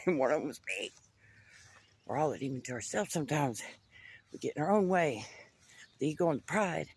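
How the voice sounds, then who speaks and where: A woman's voice: sits low, moderate pace, pauses often, slightly rough. A woman vlogger, telling a rambling personal story in a chatty way, calling the listener honey and swearing freely. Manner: animated, swings from loud to hushed. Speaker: psychic vlogger. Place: inside a U-Haul truck.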